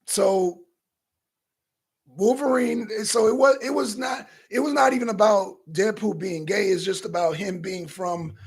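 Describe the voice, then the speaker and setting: A man co-hosting a talk show, talking in a loose, profane, animated way and often acting out his own reactions. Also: sits high, a little slow, creaky, breathy edge. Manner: animated, loose and profane, slips into quoting himself. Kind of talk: casual profane commentary.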